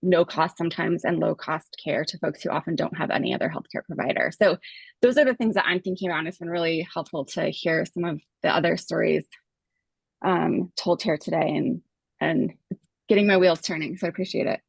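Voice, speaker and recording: A woman speaks casually over a video call while walking on a treadmill, a little winded as she goes. Her voice sits on the low side and sounds close and dry, with no room in it. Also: brisk, gravelly, husky, no echo. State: slightly out of breath. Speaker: communications staffer at a health care provider. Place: home with a treadmill.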